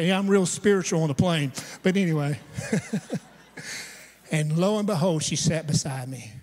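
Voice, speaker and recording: This pastor speaks in a slightly high voice at a moderate pace, pausing often. Preaching a storytelling sermon in a church sanctuary, he keeps it conversational and humorous with asides to listeners, and the recording carries long hall reverb.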